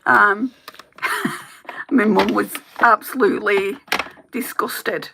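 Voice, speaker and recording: A woman's voice: medium pitch, fairly even intonation, extremely slow, vocal fry, noisy background. A woman chatting candidly to the camera while doing her makeup, telling stories with a chatty, open manner. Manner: chatty, candid storytelling with laughs.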